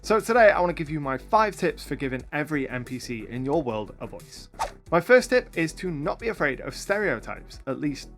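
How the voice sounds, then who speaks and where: A man's voice: fairly high pitch, fairly quick, music in the background. Upbeat man hosting a game-master tutorial. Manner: upbeat, lively delivery. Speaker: YouTube host and game master. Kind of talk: tutorial talk to camera.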